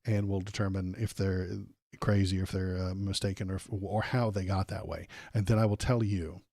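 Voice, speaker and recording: A man with a fairly low voice hosts a casual political livestream, reading along and mocking what he reads. He rambles and restarts, with frequent "uh" fillers and a dry, sardonic edge. The sound is dry and close. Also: fairly even intonation, moderate pace, warm tone, no echo. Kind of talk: casual live commentary.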